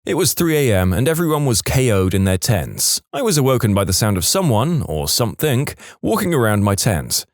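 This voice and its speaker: Animated man narrating stories, close and dry. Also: mid-range voice, no room sound. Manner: lively storytelling, dramatic pauses. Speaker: story narrator. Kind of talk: scripted narration of reader stories.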